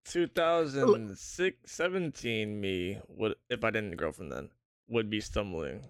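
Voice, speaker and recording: A man's voice: lowish voice, expressive, slow pace, smooth, no echo, studio quality. A young man in casual podcast chat, joking bluntly and swearing freely.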